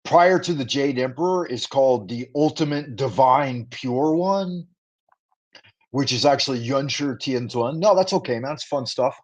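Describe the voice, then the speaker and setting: Speaking at a normal speed in a mid-range, slightly mellow voice, this livestream host reviews food casually and chats playfully with his audience, full of rhymes and side comments. The highs are cut off in the audio.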